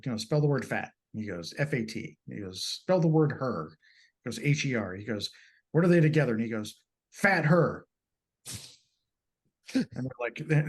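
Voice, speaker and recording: Husky man telling animated stories. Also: medium pitch. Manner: animated storyteller, acts out quotes. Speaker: podcast co-host. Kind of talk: casual chat.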